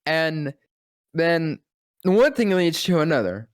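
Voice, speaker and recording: A voice actor telling a breathless, profane, self-mocking story on a podcast. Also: male voice, a little high, sing-song, slow pace, no room sound, clean studio sound. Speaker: voice actor and guest. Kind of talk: excited anecdote telling.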